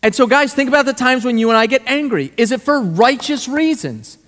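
A male pastor preaching a sermon, animated and conversational, full of rhetorical questions. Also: extremely high pitch, a little fast. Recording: long hall reverb.

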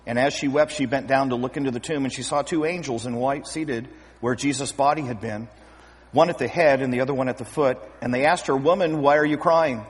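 A man preaching a sermon as pastor, lively and acting out scripture scenes with voices. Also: medium pitch, brisk, slightly rough. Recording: long hall reverb.

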